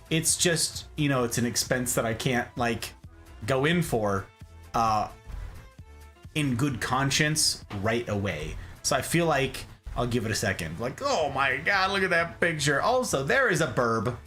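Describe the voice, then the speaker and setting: A man hosting a casual talk show, chatting and joking while showing travel photos. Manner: animated, jokey, pitch jumps for emphasis. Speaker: podcast host.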